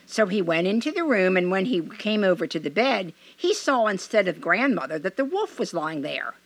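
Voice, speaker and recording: A woman reading a fairy tale aloud in an expressive, measured way. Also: a little high, dry recording.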